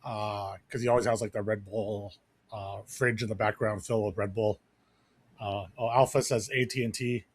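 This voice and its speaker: With a fairly low, husky voice and fairly even intonation, a man co-hosts a podcast at normal speed. His casual chat rambles, packed with fillers and restarts.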